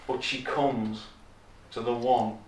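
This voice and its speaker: A man's voice: mid-range voice, steady tone, takes it slowly. A man preaching a sermon, emphatic, repeating key phrases and raising his voice when he quotes scripture. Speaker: visiting preacher. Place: chapel. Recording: echoey chapel, from far off.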